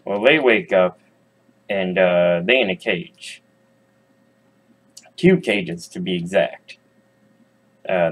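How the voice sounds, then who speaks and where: Man, low voice, comic storyteller, profane, chatty asides. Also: rough recording.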